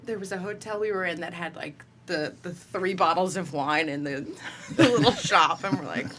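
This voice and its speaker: Lively woman telling stories, lowish voice. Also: normal speed, a little hiss or hum. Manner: lively, laughs often while telling stories. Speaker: guest, company founder. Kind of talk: casual storytelling interview.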